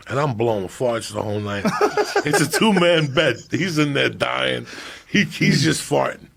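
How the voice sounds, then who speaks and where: In an unhurried, mid-range voice that is gravelly and husky, a middle-aged man tells a profane comic story on a podcast. His delivery shifts between animated loudness and hushed passages.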